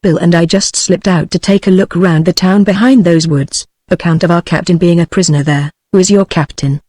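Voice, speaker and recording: A woman's voice: on the low side, brisk, dry recording. Synthetic British woman reading a novel. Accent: British English. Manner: even, steady synthetic delivery. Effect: synthetic text-to-speech voice. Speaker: audiobook narrator. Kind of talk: text-to-speech audiobook reading.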